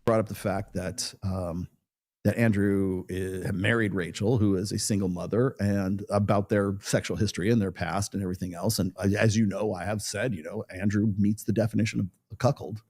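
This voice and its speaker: A man's voice: fairly low pitch, steady tone, a little fast, a little mellow. A middle-aged man talking casually and with opinions, rambling with restarts and short laughs. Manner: rambling, with self-corrections and laughs. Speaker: podcast guest in a played clip.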